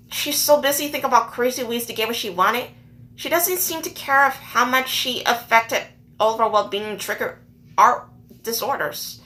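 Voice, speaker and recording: Brief: woman vlogger, emotional rant, fighting tears, insistent repetition, fairly high and bright. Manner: earnest, upset, repeats herself for emphasis. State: holding back tears. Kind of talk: emotional personal rant to camera.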